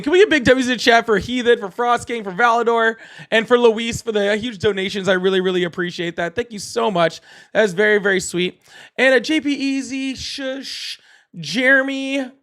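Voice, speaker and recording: Animated high-voiced male stream host. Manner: animated, laughs often, blunt with callers. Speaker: livestream political call-in host. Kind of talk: casual livestream chat, reading donor messages.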